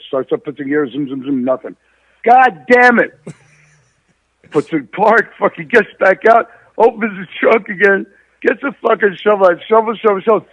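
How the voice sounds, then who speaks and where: A man in his sixties from New York, hosting and telling a story casually, swearing freely and shouting exclamations. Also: a little high, no echo. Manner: profane, animated, shouts exclamations. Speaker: host. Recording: tinny phone-line sound.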